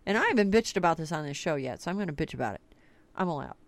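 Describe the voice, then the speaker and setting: A woman's voice: low-pitched, lively intonation, rapid-fire, no echo. A woman hosting a talk radio podcast, telling stories in a casual, blunt way and swearing freely. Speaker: podcast host.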